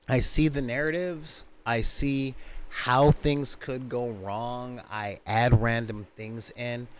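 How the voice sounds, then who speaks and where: A man hosting a tabletop gaming channel, telling animated stories in casual chat and slipping into quick character voices. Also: medium pitch.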